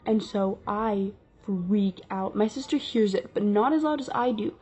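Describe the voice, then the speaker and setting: A woman's voice: medium pitch, measured pace, mellow, husky. A woman telling a casual story-time vlog tale, chatty and full of fillers. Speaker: vlogger. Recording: dull lo-fi recording.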